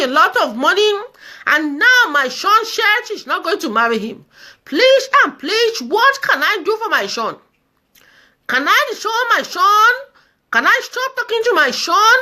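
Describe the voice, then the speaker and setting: Lady doing a squawky old mum begging and wailing, super high and swoopy, bright sharp voice. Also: exaggerated voice. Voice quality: squawky, cracked voice. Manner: pleading, repetitive, wailing complaints. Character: fussy elderly Nigerian mother, pleading and dramatic. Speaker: comedienne. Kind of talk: comedy skit, live video.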